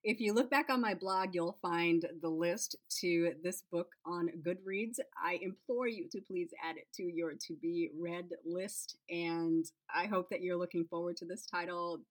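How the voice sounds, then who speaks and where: A woman's voice: on the low side, unhurried, few pauses. A woman author reading first-person narration from her novel, then chatting casually to listeners. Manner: relaxed, chatty aside. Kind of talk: reading her own fiction aloud.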